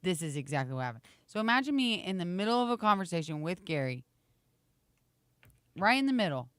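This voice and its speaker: Chatty woman co-host with a slight rasp. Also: lowish voice, big pitch swings, fairly quick, a bit bright, no room sound. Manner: chatty, reads viewer comments aloud, laughs often. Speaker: morning show co-host. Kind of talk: casual live-stream chat.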